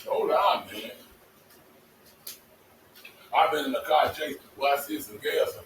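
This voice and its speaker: A man telling casual stories to his vlog audience, animated and laughing, cursing freely as he talks. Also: fairly high pitch, slow. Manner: animated, swearing, laughing storyteller. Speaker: vlogger. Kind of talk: casual storytelling monologue. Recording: echoey, distant mic with faint noise.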